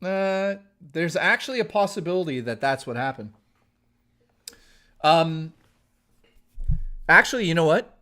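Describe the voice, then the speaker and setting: A man's voice: on the high side, animated, measured pace, long pauses, sharp tone, smooth. A young man on a live stream telling a crude, rambling personal story full of filler words, and breaking off to thank viewers. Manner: stops mid-story to thank viewers for memberships.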